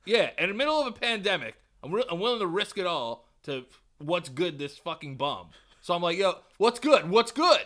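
Animated bright-voiced man from New York. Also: fairly high pitch, fairly quick. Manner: animated, swearing, acts out quotes loudly. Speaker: podcast co-host. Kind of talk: casual storytelling.

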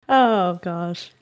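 A woman's voice: lowish voice, clean tone. A woman in her thirties co-hosting a podcast, candid and teasing, laughing often. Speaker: podcast co-host. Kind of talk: casual chat.

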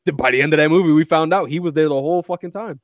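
A man's voice: a little high, rapid-fire, no echo. A man co-hosting a podcast, chatting casually about a movie, swearing a lot, acting out quotes and laughing often. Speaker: podcast co-host.

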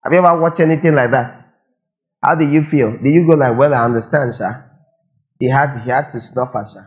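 A man's voice: a little high, fairly quick, muffled recording. A man preaching a sermon, firing rhetorical questions and repeating lines for emphasis. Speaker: pastor.

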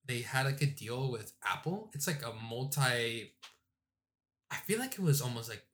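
A man's voice: mid-range voice, sing-song, moderate pace, a bit bright. A young man chatting casually, laid-back, with lots of filler words. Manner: laid-back, heavy use of "like". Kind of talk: casual chat.

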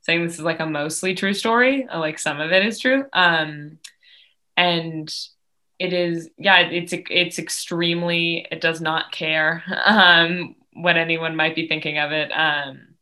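A young woman joins a podcast as a guest, talking with eager enthusiasm. Her voice is bright and forward but sits fairly low in pitch, and she fills her sentences with ums and likes. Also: fairly even intonation, measured pace. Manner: enthusiastic, laughing, filler-heavy. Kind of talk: casual chat.

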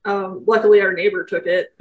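A woman's voice: medium pitch, little pitch movement, normal speed, muffled recording. Candid young woman, casual chat. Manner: candid, laughing, swears casually. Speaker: podcast co-host.

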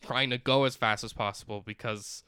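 Young male podcast co-host, rambling film recap, very clear smooth voice. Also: medium pitch, steady tone, moderate pace, sharp tone, no room sound, clean studio sound. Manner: rambling with many fillers and restarts. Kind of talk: casual chat recapping a movie.

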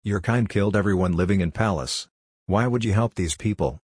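A distrustful, argumentative woman steward, as a male narrator puts her on snaps out demands in a low, husky voice. The reading is plain and close, in a dry storybook sound. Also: brisk, darkish tone, dry recording. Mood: demanding. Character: distrustful, defiant adult woman flight steward.

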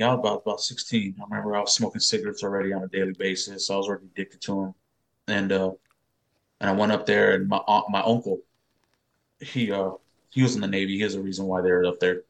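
Casually swearing young man telling a story. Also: fairly low pitch. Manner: swears freely, animated quoting of others. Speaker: podcast guest.

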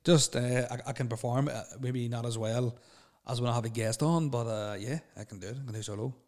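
Sweary young podcaster. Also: male voice, mid-range voice, fairly even intonation, a little fast, a little mellow. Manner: sweary, blunt and rambling. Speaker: podcast host. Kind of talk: solo podcast chat.

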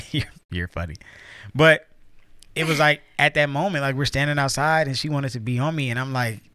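A man talking casually with his partner on a podcast, relaxed and rambling with many fillers. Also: mid-range voice, normal speed, smooth, no echo, studio quality. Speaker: podcast co-host. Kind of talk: casual couple chat.

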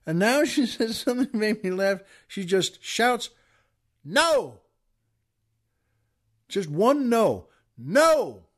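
A high-voiced man hosts his own show and tells a comic story. He delivers it with animated energy, stammering and acting out the outbursts for laughs. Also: moderate pace, hardly any pauses. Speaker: podcast host.

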